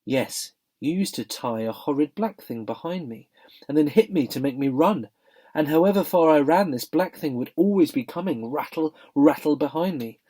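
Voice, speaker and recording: Man voicing a slow, muddled old horse. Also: a little high, dark tone, voice pushed up. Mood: dreamy. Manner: slow and thoughtful, halting.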